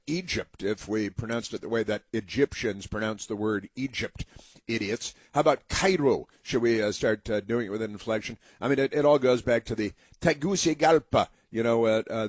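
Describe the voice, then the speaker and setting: A man's voice: fairly low pitch, breathy edge, no echo. A man from the United States hosting a casual political commentary monologue, rambling with many fillers and restarts in a mocking tone.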